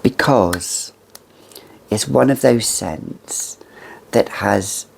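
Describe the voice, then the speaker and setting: A woman in her fifties talks through her perfume collection to camera, unhurried and lingering over her words. Her voice carries a gravelly, creaky edge, and she slips into theatrical, gushing asides as she goes. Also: rumbling low, darkish tone. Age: 50s. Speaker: fragrance reviewer. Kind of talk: casual chat to camera.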